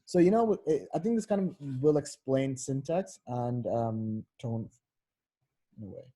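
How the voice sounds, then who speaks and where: A man tutors in an easy, offhand way. His voice is mellow and a little husky. He leans on fillers like "like" and "um" and often restarts his sentences while he explains. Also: mid-range voice, measured pace. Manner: loose, filler-heavy explaining with frequent self-corrections. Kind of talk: casual online tutoring.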